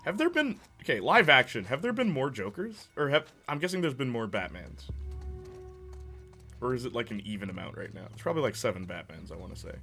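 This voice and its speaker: A man's voice: medium pitch, big pitch swings, fairly quick, bright, forceful tone, soft background music. A young man riffing and laughing as a gaming streamer in casual live-stream talk. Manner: jokey, riffing, laughing often.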